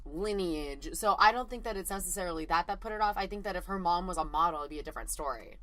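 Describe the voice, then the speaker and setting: A woman's voice: on the low side, animated, quick pace, fairly bright tone. A woman co-hosting a podcast in casual chat, frank and wry, with blunt remarks and easy laughter. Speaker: podcast co-host. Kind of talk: casual chat recapping a reality show.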